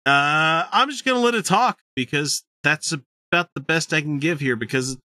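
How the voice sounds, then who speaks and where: A man's voice: on the high side, moderate pace, no echo, studio quality. A man hosting a casual commentary podcast, swearing freely and joking as he sets up clips. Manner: profane, joking and lively. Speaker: podcast host.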